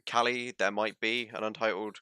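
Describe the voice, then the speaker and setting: Low, bright-toned host, dry sound. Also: male voice, level tone, moderate pace, smooth, no echo. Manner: chatty, mock-dramatic, filler-heavy. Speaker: host wrapping up the stream. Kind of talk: casual livestream sign-off.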